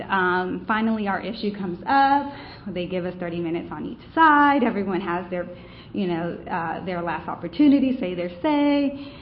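A woman's voice: fairly low pitch, slight background noise. Woman giving a talk w/ slides, lots of ums, echoey room, kinda muffled sound. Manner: conversational storytelling, many fillers. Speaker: advocacy campaign presenter. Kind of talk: conference presentation with slides. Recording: roomy, dull room recording.

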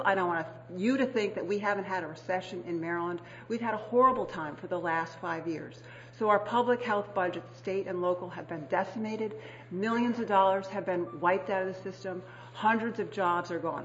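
A woman's voice: medium pitch, dull audio, a little hiss or hum. A middle-aged woman, a public health official, speaking on a conference panel in a chatty way, with fillers and restarts. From United States. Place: conference hall.

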